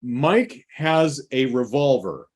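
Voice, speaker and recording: A man's voice: medium pitch, lively intonation, slow, a little mellow. Man recapping a movie with dry asides. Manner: dry, wry asides while recapping plot. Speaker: podcast co-host. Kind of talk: casual movie discussion.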